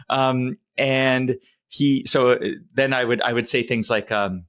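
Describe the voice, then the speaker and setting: A man's voice: mid-range voice, steady tone, a little slow, fairly bright tone. A man co-hosting a podcast interview, telling a long story in a rambling way and often correcting himself. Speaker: podcast co-host. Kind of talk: casual interview chat.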